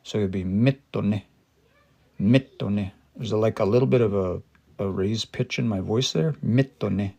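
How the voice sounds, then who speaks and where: A man's voice: lowish voice, a little fast, vocal fry, a little mellow. A man teaching Cree on a casual livestream, thinking aloud with fillers and restarts and sounding out words syllable by syllable. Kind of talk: casual livestream language lesson.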